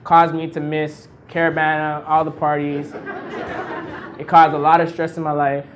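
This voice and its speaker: Animated man telling a story. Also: a little high, moderate pace, highs cut off, a crowd in the background, noisy background. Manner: animated, laughs often, acts out voices in his anecdotes. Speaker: speaker at a launch party. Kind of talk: motivational storytelling speech. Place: event venue with an audience.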